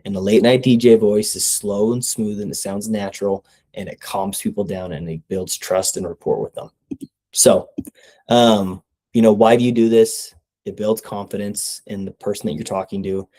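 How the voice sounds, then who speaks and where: A man's voice: on the low side, steady tone, moderate pace, dark tone. A young man giving casual sales coaching, talking conversationally and often checking in with "right?". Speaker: sales trainer.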